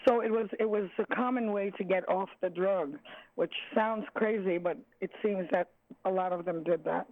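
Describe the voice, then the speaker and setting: An older woman who sings jazz reminisces in an interview over a tinny phone line. Her medium-pitched speech is halting, with many restarts as she searches for words.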